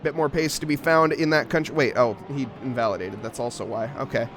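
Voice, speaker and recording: A man's voice: medium pitch, fairly even intonation, a little fast, fairly bright tone, slight background noise. A man commentating a live sim racing event, joking about himself and laughing often. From English-speaking. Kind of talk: live esports race commentary.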